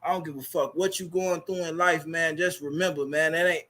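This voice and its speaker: A man's voice: fairly high pitch, fairly even intonation, brisk, fairly bright tone. A man hosting his livestream, talking casually and preachily and repeating his phrases, into a laptop mic. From Chicago. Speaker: livestream host.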